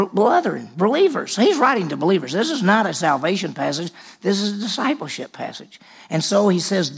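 A man, a senior pastor, preaching a conversational sermon, quizzing the congregation and dropping to a hush on key lines. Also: on the high side, gravelly.

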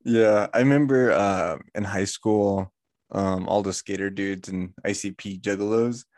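A man's voice: lowish voice, unhurried, a little mellow, no echo, studio quality. A young man co-hosting a podcast, chatting casually, laid-back and chuckling, swearing now and then. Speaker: podcast co-host. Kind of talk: casual chat.

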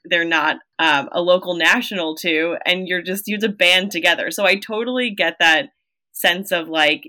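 Bright expressive woman co-host. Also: lowish voice. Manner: expressive, laughs while talking. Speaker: podcast co-host. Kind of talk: casual chat.

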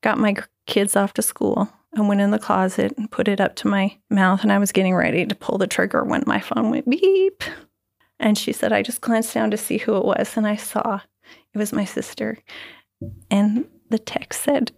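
Creaky-voiced woman giving a testimony. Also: on the high side, normal speed. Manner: animated, swings between loud exclamations and breathy whispers. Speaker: guest sharing testimony. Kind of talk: emotional personal testimony.

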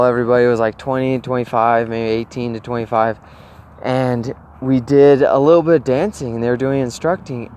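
A young man telling a casual personal story, acting out his own quoted thoughts with sudden loud jumps. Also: medium pitch.

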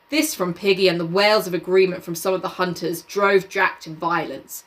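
A woman's voice: lowish voice, fairly even intonation, normal speed, few pauses. Woman reading a novel aloud. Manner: casual, laughs often, swears. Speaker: podcast co-host and reader.

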